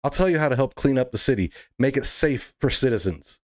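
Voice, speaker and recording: A man's voice: medium pitch, expressive, brisk, a little mellow. A man delivering an impassioned monologue to camera as a political video blogger, fiery, emphatic and indignant.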